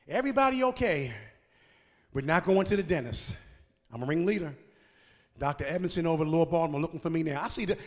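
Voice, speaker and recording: A male pastor delivers a sermon in a high, ringing voice. He climbs into shouted, half-sung cadences and then drops back into low, chatty asides to the congregation. The sound carries the long reverb of a church sanctuary.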